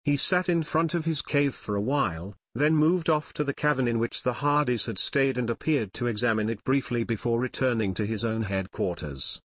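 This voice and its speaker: Male audiobook narrator, measured and steady, mid-range voice, dead-dry close mic. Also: mid-range voice, no echo. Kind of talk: scripted narration.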